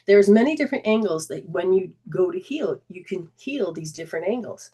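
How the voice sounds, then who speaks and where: In a mid-range voice at a fairly quick pace, the host and spiritual healing coach leads a self-help talk. She speaks with earnest informality, frequently restarting sentences and briefly voicing remembered dialogue with liveliness.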